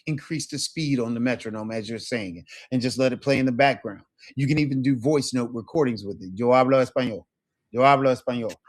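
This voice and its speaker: In this classroom lesson, a man whose first language is English runs an energetic Spanish class, punctuating it with "right?" and "okay?" to check on students. His voice is mid-range.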